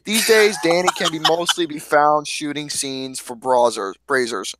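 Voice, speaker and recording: Deadpan high-voiced male podcast host. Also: normal speed, a crowd in the background. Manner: deadpan, reads lists with a straight face. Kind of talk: casual podcast chat reading out lists.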